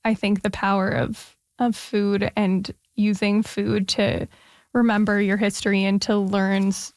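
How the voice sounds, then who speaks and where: Woman interviewer, mid-pitched voice, thoughtful, dry close mic. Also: level tone, measured pace, a little mellow, no echo. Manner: attentive, thoughtful, encouraging questions. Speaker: interviewer host. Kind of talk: podcast interview.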